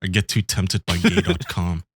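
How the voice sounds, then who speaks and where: A man co-hosting a podcast, crude and joking in casual banter, quick to laugh. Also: sits low, sing-song, husky, dry recording. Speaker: podcast co-host.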